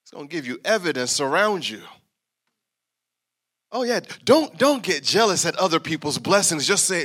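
A male preacher delivering a sermon in an animated, emphatic way, repeating phrases for effect. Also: fairly high pitch, moderate pace, pauses often, slightly rough.

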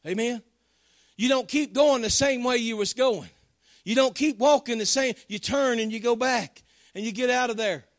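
Fervent high-voiced male preacher. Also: moderate pace, no echo, clean studio sound. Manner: fervent, Southern-tinged folksy preaching with call-outs to the congregation. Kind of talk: sermon.

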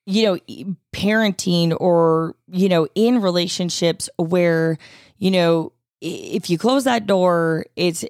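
A middle-aged woman reflects earnestly on parenting, now and then slipping in a wry comment. Her voice sits slightly low, and the recording is dry and close. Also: dry recording. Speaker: parenting podcast co-host. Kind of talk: casual chat.

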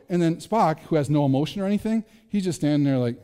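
Casual, mellow-voiced male pastor preaching. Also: on the high side, lively intonation, quick pace, few pauses, in a large hall. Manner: conversational, self-deprecating, frequent restarts. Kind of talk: sermon.

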